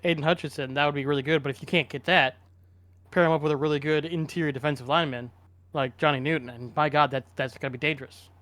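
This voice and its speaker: A man's voice: a little high, steady tone, fast talker, fairly bright tone, no room sound. A man co-hosting a casual sports podcast, rambling and opinionated with frequent restarts. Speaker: podcast co-host.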